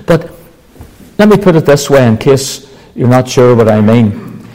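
A man preaching a sermon, building to emphatic exclamations and slowing for stress. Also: medium pitch, expressive, warm tone, rough recording. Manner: emphatic, rising to exclamations, slow deliberate stress.

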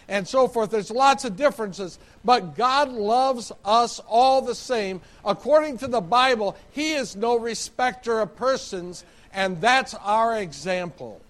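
A man preaching a sermon, stressing key words by repeating them and dropping to an earnest tone in prayer, speaking into a microphone he wears. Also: high voice. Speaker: pastor. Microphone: wearing a microphone.

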